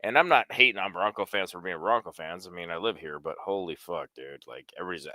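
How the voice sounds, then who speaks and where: A man's voice: sits low, fast talker, no room sound. A man co-hosting a casual sports talk show, blunt and heavy on swearing. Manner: profane, blunt, loud outbursts. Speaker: co-host.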